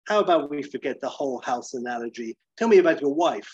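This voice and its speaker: A sardonic male journalist, as a man puts him on, jabs with dry, mocking sarcasm. His voice is husky and sits a little high, recorded dull and dry. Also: expressive, fast talker, darkish tone. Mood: pressing.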